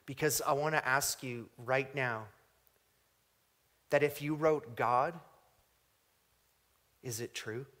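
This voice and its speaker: A man preaching a sermon, reading scripture aloud and swinging from booming emphasis to hushed, drawn-out phrases. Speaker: pastor.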